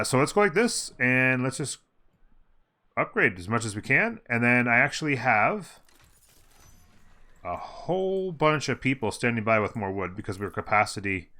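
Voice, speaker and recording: Lively, bright-voiced male gameplay host. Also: fairly low pitch. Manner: chatty, thinks aloud with fillers and self-corrections. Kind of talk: casual gameplay commentary.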